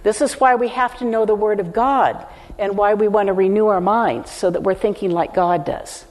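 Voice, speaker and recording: An older woman preaching in a teaching style, earnest and emphatic as she speaks straight to the congregation. Her voice sits at a middle pitch for a woman. It carries a long reverb from the hall she speaks in. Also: moderate pace, darkish tone, faint music behind. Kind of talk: teaching sermon.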